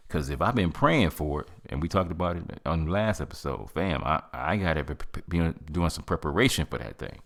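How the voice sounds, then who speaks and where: A man hosting a podcast, giving an earnest faith-based motivational talk in casual speech, slowing down to stress key phrases. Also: deep voice, lively intonation, fairly bright tone. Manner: earnest, preachy, colloquial with "man" and "fam". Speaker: podcast host.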